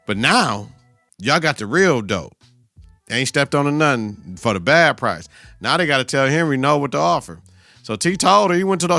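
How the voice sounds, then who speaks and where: A bright, forceful male voice recorded dry and close, with faint music underneath. He recaps a TV episode in loose, slangy, profane talk. He keeps arguing with the characters as he goes. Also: fairly high pitch, creaky, dry recording. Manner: profane, slangy, talks back at the screen. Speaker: podcast host.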